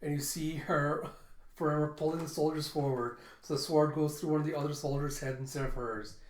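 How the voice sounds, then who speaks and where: A man's voice: a little high, steady tone, brisk. Casual man narrating a comic. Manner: casual, describes panels with fillers. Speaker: comic readthrough host. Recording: roomy echo.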